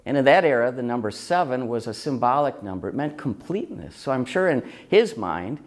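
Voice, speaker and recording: A man's voice: medium pitch, sing-song, a little fast. A man who is a bishop, giving a conversational Sunday reflection and telling a story as he preaches. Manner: conversational storytelling, acts out quoted people. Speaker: auxiliary bishop.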